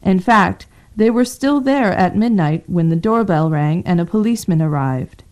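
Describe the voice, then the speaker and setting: A woman narrating a simple storybook for learners, in a clear read-aloud way. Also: fairly low pitch, expressive, moderate pace, a little mellow.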